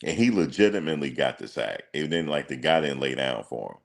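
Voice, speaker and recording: Very deep gravelly-voiced man chatting. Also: brisk. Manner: relaxed slangy banter, thinks aloud with ums. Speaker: reaction streamer. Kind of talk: casual chat reading viewer comments.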